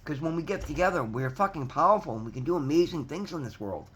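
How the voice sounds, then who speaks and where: A man's voice: on the high side, expressive, fast, fairly bright tone, husky. A man talking to his viewers in an earnest, heartfelt self-help monologue, repeating himself, swearing freely and calling them "guys". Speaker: motivational vlogger. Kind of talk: casual heartfelt monologue to camera.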